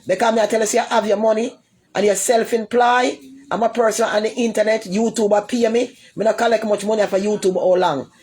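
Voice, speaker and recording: Woman, Jamaican accent, middle-pitched voice, live-stream rant, rambling, repetitive, combative, close phone mic. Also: steady tone, a little fast, darkish tone, husky. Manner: rambling and repetitive, loops back over the same points; combative, trades blunt insults with commenters. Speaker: livestreamer.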